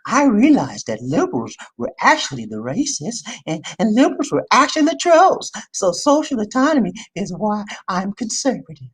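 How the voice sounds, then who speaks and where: A man imitates a smug woman political commentator with a sneering, exaggerated delivery. The pitch leaps up and down. The impression stays close to his own voice. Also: very animated, normal speed, few pauses, fairly bright tone, breathy edge, heavily acted. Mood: mocking. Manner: mocking, exaggerated.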